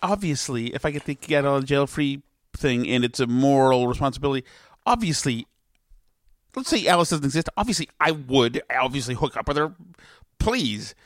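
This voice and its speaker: Teasing man with a lively voice. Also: mid-range voice, normal speed, no echo, studio quality. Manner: teasing, sarcastic, joking. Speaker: podcast host. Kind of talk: casual comedy podcast banter.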